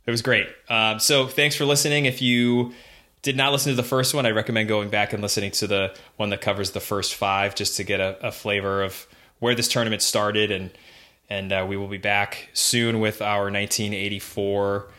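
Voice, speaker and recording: A man's voice: fairly low pitch, steady tone, normal speed, sharp tone. A man co-hosting a casual sports history podcast, chatty, reading facts aloud with fillers and restarts. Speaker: podcast co-host.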